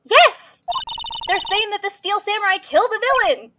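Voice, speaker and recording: A woman's voice: sits high, expressive, moderate pace, far from the mic, noisy background, voice pushed up. A woman doing a bubbly teen girl. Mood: frantic. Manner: bubbly, eager, loud. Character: excitable teenage girl sidekick. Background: game music.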